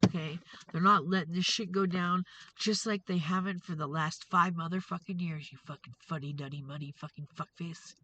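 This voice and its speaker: A woman's voice: lowish voice, fairly even intonation, normal speed, a bit bright, poor audio. A woman hosting a tarot reading vlog, ranting in an angry, profane, confrontational way. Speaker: tarot reader and show host.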